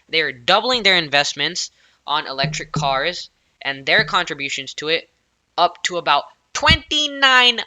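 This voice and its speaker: A man giving casual, excitable tech news commentary as a YouTuber, rambling with plenty of fillers. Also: a little high.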